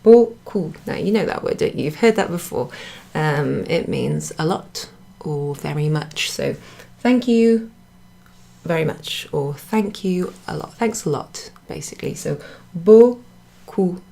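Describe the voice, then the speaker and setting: A woman's voice: sits low, lively intonation, unhurried, gravelly, warm tone. A woman teaching a beginner French lesson in a chatty way, correcting herself and laughing at her own slips. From United Kingdom. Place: indoor room at a pub.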